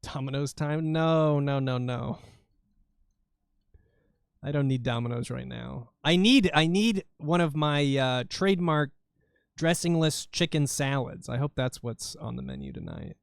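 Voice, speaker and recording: A man's voice: on the high side, very animated, unhurried, gravelly, smooth, no room sound, clean studio sound. A man streaming live while he edits video, rambling and muttering to himself in a casual, self-amused way.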